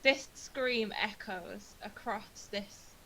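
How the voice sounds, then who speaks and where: A woman guides her players through a tabletop adventure as dungeon master, her voice bright and clear. She narrates softly, pausing with little fillers as she paints the scene. A faint hiss sits under the recording. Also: mid-range voice, low-quality recording.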